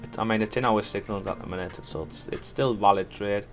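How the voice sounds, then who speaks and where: Over faint background music, a man with a fairly low voice talks a little fast as he streams his forex trading live. He thinks aloud and chats casually with his viewers.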